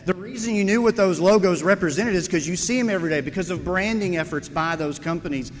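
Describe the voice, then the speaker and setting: A man's voice: high-pitched, fast. A man preaching a sermon as a guest, jokey and drawing the congregation in. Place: church sanctuary. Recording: church hall reverb.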